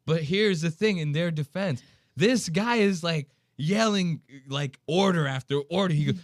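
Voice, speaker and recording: A man's voice: fairly high pitch, normal speed, dry recording, clean studio sound. A man hosting a casual podcast, telling a story with lots of swearing, laughter and acted-out quotes. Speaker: podcast host.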